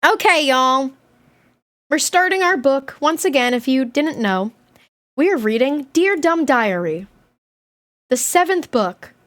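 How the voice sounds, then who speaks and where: A woman streamer with a fairly high voice talks casually to her viewers from a room at home. She is excitable and chatty, and her voice jumps up into loud squealing shouts when something thrills her. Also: a little slow, pauses often. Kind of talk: casual live-stream chat.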